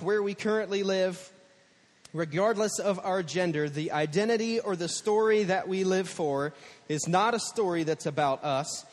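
A man's voice: sits high, big-room sound. A man preaching a sermon as a pastor, telling stories casually and acting out the quotes. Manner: conversational storytelling, acts out quotes.

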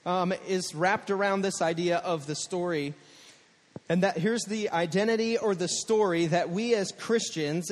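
A man's voice: high voice, long reverb tail. A man preaching a sermon as a pastor, telling stories casually and acting out the quotes. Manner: conversational storytelling, acts out quotes.

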